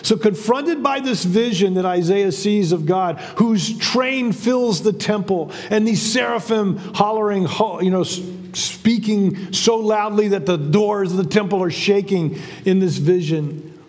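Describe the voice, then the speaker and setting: A man's voice: high voice, measured pace, a little mellow, long reverb tail. A man preaching a sermon as pastor, in a conversational style with frequent repeats and restarts.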